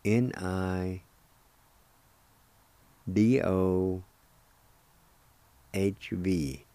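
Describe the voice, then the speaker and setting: A man's voice: low-pitched, fairly even intonation, very slow, mellow, no room sound. A middle-aged man hosting a radio language lesson, patiently spelling out and repeating each word syllable by syllable. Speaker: radio host teaching Cherokee words.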